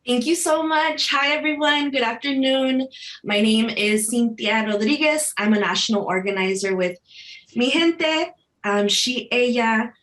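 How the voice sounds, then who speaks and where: A woman's voice: on the high side, unhurried, a bit bright. A woman from Chicago, a national organizer, speaking earnestly on a video-call panel, with many restarts. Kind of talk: panel discussion talk.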